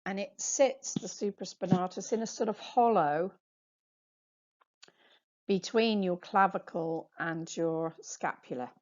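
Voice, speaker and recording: A woman therapist giving a slow, patient anatomy lecture on slides, spelling out muscle names for practice. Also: on the low side. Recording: dull lo-fi sound.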